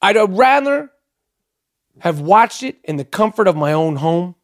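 A man's voice: high voice, very animated, unhurried, dry recording, studio quality. A man hosting a podcast, delivering a heated, profane, unedited rant and repeating himself as he gets worked up. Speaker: podcast host.

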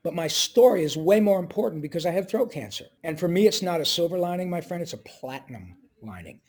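Husky-voiced man telling a heartfelt story. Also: fairly high pitch, quick pace. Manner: animated, slips into voices for quoted people. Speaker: voice actor guest. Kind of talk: emotional interview storytelling.

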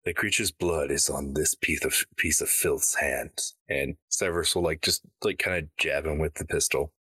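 Very deep, husky male player. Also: steady tone, normal speed, pushed and bright, no echo. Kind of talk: casual tabletop play.

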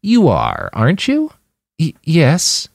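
A man's voice: on the high side, huge pitch swings, slow pace, gravelly, no echo, studio quality, voice pushed up, heavily acted. Man doing a sing-song menacing fighter. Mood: falsely chipper. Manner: falsely sweet, purring and sing-song. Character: wiry male fighter, chipper and menacing.

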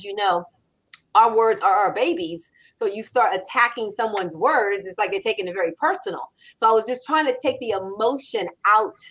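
Woman, 60s, animated, conversational, acts out quoted lines. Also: a little high, low-quality recording. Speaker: copywriter and author. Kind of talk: conversational interview.

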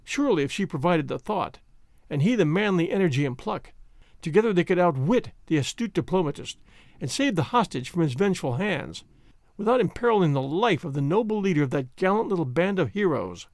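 A man narrating a historical novel as an audiobook, with expressive, dramatic storytelling. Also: high voice, a little fast, dry recording, studio quality. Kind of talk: scripted narration.

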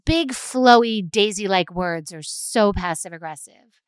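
A middle-aged woman hosting a podcast, ranting animatedly and mocking a calm, whispery customer-service voice. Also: medium pitch, normal speed, clean tone, dry recording. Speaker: podcast host. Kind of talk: solo ranting podcast talk.

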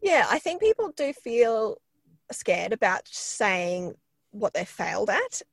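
A woman with a croaky voice, a PR expert chatting as a podcast guest with lots of fillers and restarts. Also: medium pitch, sing-song, slow pace, no room sound. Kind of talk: casual podcast interview.

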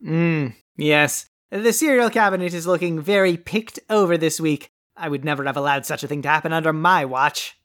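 Here the same kind of role, a greedy, pompous, deposed male overlord in a comic audio drama, is played by a woman with a low, slightly bright voice. She keeps a moderate pace with few pauses, and her smug delivery is haughty, grandiose and dry in a theatrical way.

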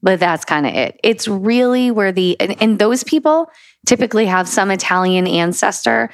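A woman's voice: medium pitch, lively intonation, moderate pace, no echo, clean studio sound. A middle-aged woman from the United States co-hosting a casual travel chat, laughing easily and steering the talk. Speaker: co-host.

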